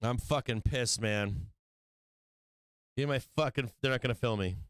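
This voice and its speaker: A man's voice: medium pitch, unhurried, clean tone, no echo. A man hosting a stock trading live stream, talking casually, swearing and venting frustration about his trades.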